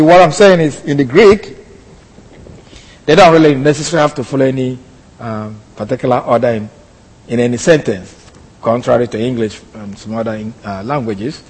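A man preaching an expository sermon, explaining a text and slowing down to stress key words. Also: on the high side, husky. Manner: teaching, with sudden slow emphatic stretches. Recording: long hall reverb.

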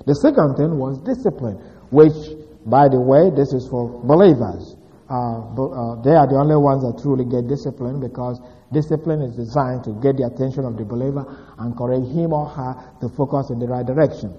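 A male pastor giving a sermon recap, deliberate with frequent fillers, rising in emphasis on key words. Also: medium pitch. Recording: dull reverberant hall.

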